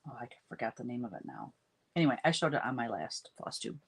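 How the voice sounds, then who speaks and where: This middle-aged woman hosts a casual livestream, greeting viewers and chatting as she crafts, a little sniffly from allergies. Her voice rumbles low and sing-song at a fast clip, with vocal fry and a breathy edge.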